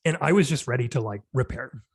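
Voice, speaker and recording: Sharing a personal story as a podcast guest, a man in his thirties speaks at a quick pace in a medium-pitched voice, heavy on "like" and "you know." He sounds earnest and reflective, and the recording has no room sound.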